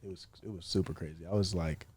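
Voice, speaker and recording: A young man, an actor and college football player, guesting on a podcast, relaxed, laughing easily and restarting his sentences. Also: low-pitched, fast talker. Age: young adult. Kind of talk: casual interview chat. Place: inside a truck.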